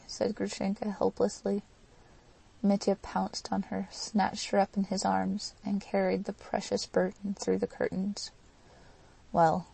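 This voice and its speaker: A woman narrating an audiobook in a steady, even reading. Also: medium pitch, creaky, slightly rough. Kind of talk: scripted narration.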